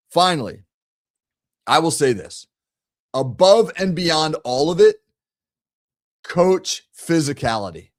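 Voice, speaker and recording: A middle-aged man, a coach hosting a show, talking bluntly and emphatically, repeating key phrases and restarting his sentences. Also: a little high. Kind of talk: energetic coaching talk to camera.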